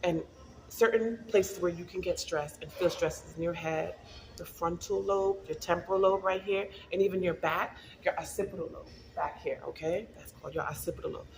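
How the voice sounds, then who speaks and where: Woman, middle-aged, low voice, gravelly, chatty vlog talk, faint background hiss. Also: fairly even intonation, moderate pace. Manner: chatty, storytelling, laughs often. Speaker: wellness vlogger. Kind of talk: casual talk to camera.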